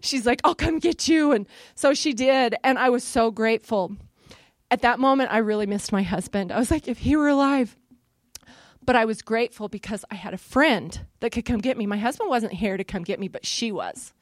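A middle-aged woman telling a personal story to an audience, lively and self-deprecating, acting out what she and others said. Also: on the high side, moderate pace, no echo. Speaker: speaker sharing a personal story. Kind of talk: personal testimony talk to an audience. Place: in front of a live audience.

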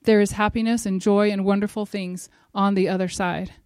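A woman's voice: medium pitch, little pitch movement, moderate pace, smooth, no room sound. Earnest woman giving a devotional talk. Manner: earnest and emphatic, rising to forceful exhortation. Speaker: speaker at a church gathering.

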